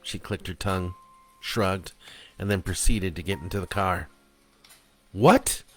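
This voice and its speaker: A man reading his own dark prose and poetry aloud in a blunt, confessional manner. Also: low-pitched, fairly even intonation, moderate pace.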